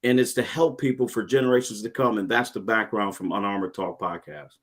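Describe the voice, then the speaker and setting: A man's voice: on the low side, a little fast. Earnest middle-aged man, restless delivery. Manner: earnest, animated storytelling with repeated restarts. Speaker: guest, retired Marine and podcast host. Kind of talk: casual interview chat.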